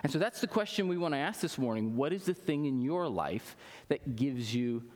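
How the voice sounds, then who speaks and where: A man's voice: medium pitch, lively intonation, moderate pace, darkish tone, big-room sound. A man preaching a Sunday sermon to a congregation, with emphatic delivery and frequent rhetorical "right?" asides. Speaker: pastor. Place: church sanctuary with congregation.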